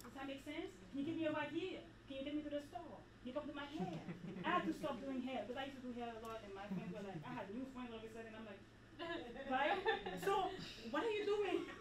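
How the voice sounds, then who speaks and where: Animated woman speaking in an echoey hall. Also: high voice, quick pace, recorded from a distance, a crowd in the background. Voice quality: animated, preachy, repeats herself for emphasis. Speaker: retreat speaker. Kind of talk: motivational talk to a women's group. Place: event hall.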